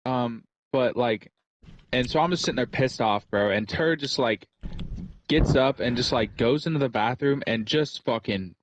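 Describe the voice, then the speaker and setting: A man's voice: medium pitch, moderate pace, background noise. A young man on a casual podcast, telling a rambling, slangy story and saying "bro" constantly. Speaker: podcast co-host. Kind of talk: casual chat.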